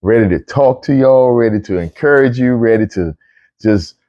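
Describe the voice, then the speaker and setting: A man hosting a casual livestream Bible talk, chatty and excitable, often repeating himself as he greets viewers. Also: mid-range voice, normal speed, dull audio. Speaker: online show host.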